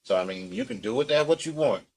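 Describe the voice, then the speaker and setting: A man's voice: mid-range voice, animated, fast, rough recording. A man with a Philadelphia accent co-hosting a podcast, wry and understated. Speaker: podcast co-host. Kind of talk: casual chat.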